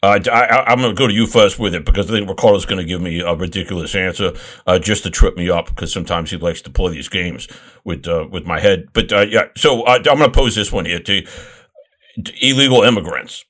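A man's voice: low voice, fairly bright tone. A man hosting a casual sports talk show, rambling and restarting his sentences. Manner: rambling, halting, many restarts. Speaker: host.

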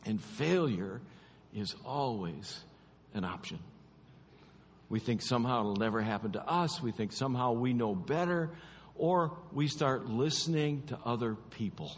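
A man preaching a sermon in an emphatic, repetitive way, often sinking to low, quiet stresses. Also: in a large hall, a little hiss or hum.

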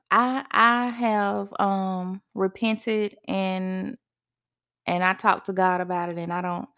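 Woman podcaster telling her own story, animated, voice jumps up high when she quotes herself. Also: creaky. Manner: animated, acts out her own past words with a higher voice. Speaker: podcast host. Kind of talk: personal storytelling.

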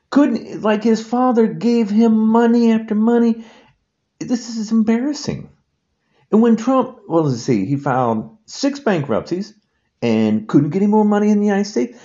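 Slow, emphatic male podcast host. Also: high voice, mellow, lo-fi sound. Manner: emphatic, repetitive, indignant. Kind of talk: solo podcast rant.

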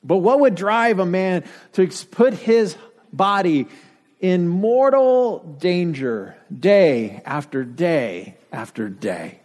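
A man's voice: high voice, lively intonation, slow, darkish tone. A man from Denver preaching a sermon, full of rhetorical questions and dry asides. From Denver, United States. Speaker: pastor. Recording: long reverb from a hall.

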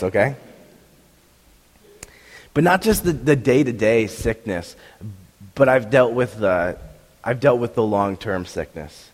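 A young man preaching a sermon with a voice roughened by a sore throat, telling the story animatedly and acting out the crowd's reactions. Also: mid-range voice, lively intonation, takes it slowly, long pauses, darkish tone. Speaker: pastor. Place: church hall. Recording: long hall reverb.

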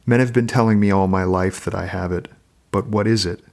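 A man reading Gudrid, a calm sharp Norse wife. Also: sits low, brisk, creaky. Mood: calm, pointed. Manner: calm, quietly pointed. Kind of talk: reading a novel passage aloud.

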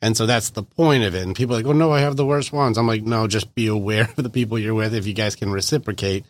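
A man's voice: on the low side, fast. A man hosting a podcast interview, talking casually and animatedly, acting out little quoted exchanges in playful voices. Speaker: podcast host.

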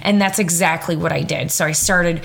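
A woman's voice: on the low side, steady tone, normal speed, gravelly, fairly bright tone. Chatty young woman telling a personal story. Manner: chatty, emphatic, laughs often, casual swearing. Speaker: podcast host.

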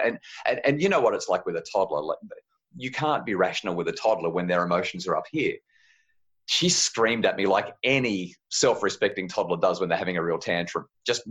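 A man, telling a parenting story in a gentle, calm way on a podcast. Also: on the low side, fast talker, muffled recording. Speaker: parenting guest.

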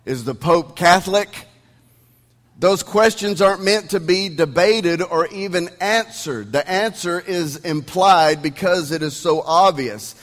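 A man's voice: high-pitched, measured pace, few pauses, a bit bright, long reverb tail. A man with an East Texan accent preaching a sermon as pastor, emphatic and conversational, leaning on rhetorical questions. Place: church sanctuary. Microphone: sound system.

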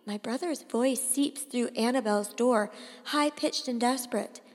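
Woman narrator, first-person audiobook, slow, bright, with reverb. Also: fairly high pitch. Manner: expressive, slow and deliberate, rising to cries in dialogue.

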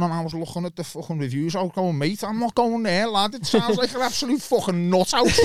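A man's voice: high-pitched, clear, resonant tone, dry recording, clean studio sound. A man from Liverpool with a Liverpool accent, a podcast guest telling long rambling stories with lots of swearing and laughter. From Liverpool, England. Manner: energetic, rambling, heavy swearing, laughs often. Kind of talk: casual storytelling chat.

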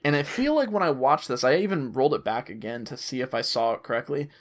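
A man's voice: mid-range voice, animated, fast talker. A man with a mid-range voice speaks in an easy, casual chat. He puts forward his ideas tentatively and hedges as he explains. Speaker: co-host discussing a video game.

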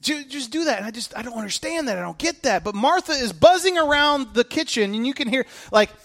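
A man preaching a casual, animated sermon, joking and talking conversationally to his listeners. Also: extremely high pitch, a little fast.

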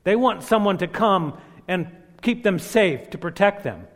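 A man preaching a sermon, slowing on key phrases and building to loud emphatic peaks. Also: high voice, expressive. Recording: long echoing reverb of a large hall.

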